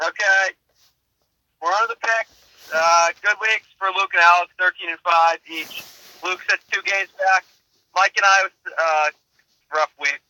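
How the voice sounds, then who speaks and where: Bright, high-voiced male podcast host. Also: steady tone, poor audio. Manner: brisk, steers the segments. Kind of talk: casual sports chat.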